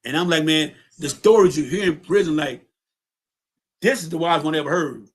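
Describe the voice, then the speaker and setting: A man's voice: fairly high pitch, brisk, slightly rough. Profane streetwise man telling a story. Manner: streetwise, profane, repeats words. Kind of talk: casual storytelling.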